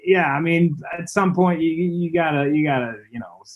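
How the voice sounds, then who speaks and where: A man from Canada chats casually as a podcast guest. His voice sits a little high for a man, and he talks in a laid-back, halting way, full of fillers and restarts. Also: narrow, tinny audio, a little hiss or hum. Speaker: guest musician.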